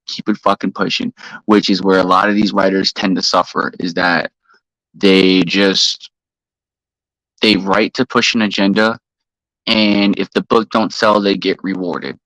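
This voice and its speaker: A man hosting a live stream, ranting heatedly and profanely while shouting out viewers in the chat. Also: low-pitched, level tone, unhurried, dry recording, low-quality recording.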